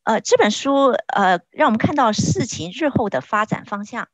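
A woman interprets a sermon phrase by phrase, pausing at times to search for words. Her pitch rises and falls with a lot of movement. The recording is close and dry. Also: animated, no echo. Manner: searching for words, with frequent hesitations.

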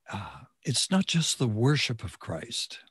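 A man preaching a sermon in short, measured phrases, pausing so an interpreter can follow. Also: mid-range voice, sing-song, a bit bright, slightly rough, no room sound, studio quality.

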